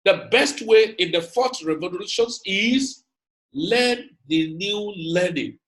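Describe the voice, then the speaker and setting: A man's voice: sits high, expressive, slow, fairly bright tone, rough recording. A man giving an emphatic motivational lecture, repeating his points and calling out to his audience. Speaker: speaker.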